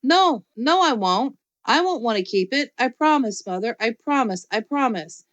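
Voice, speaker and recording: A woman voicing an excitable, bossy little kindergarten girl in an audiobook, squealing and pleading. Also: on the high side, moderate pace, no echo, muffled recording, voice pushed up. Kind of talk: audiobook character voice.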